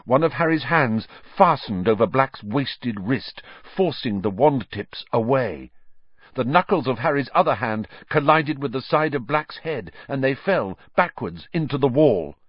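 A man reading a story aloud in a dramatic, measured audiobook style. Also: mid-range voice, animated, breathy edge, no echo, muffled recording. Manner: dramatic, measured, varied delivery. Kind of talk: audiobook narration.

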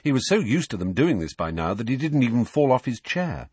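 Husky, lively male storyteller. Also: medium pitch, a little fast, dry recording. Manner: expressive storytelling with many character voices. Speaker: audiobook narrator. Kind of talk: scripted narration.

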